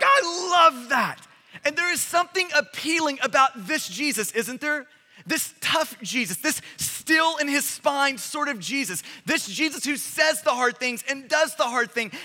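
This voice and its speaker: Emphatic preacher with a high, bright voice. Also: male voice. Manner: emphatic, dramatic scripture reading. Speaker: pastor. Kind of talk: sermon. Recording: long hall reverb.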